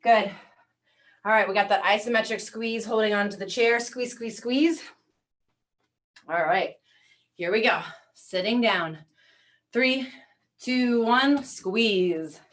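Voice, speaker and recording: A woman leading a strength workout, counting down reps and calmly coaching each move. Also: mid-range voice, slow pace, long pauses, far from the mic. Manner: encouraging counting cues, calm coaching. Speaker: fitness instructor. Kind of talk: guided workout class.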